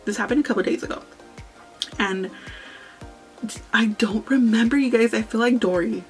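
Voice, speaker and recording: A woman's voice: on the high side, normal speed, faint music behind, rough recording. A young woman chatting casually through a makeup tutorial, telling a story and swearing freely. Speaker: beauty vlogger.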